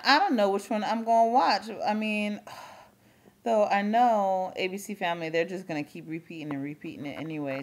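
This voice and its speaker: A young woman vlogging in casual chat, talking quickly with lots of fillers and frequent laughs. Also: lowish voice, a little mellow.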